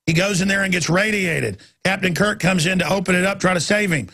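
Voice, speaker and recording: A man hosting a talk radio show, ranting intensely and swinging from shouts to low, urgent tones. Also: brisk. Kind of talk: impassioned talk radio monologue.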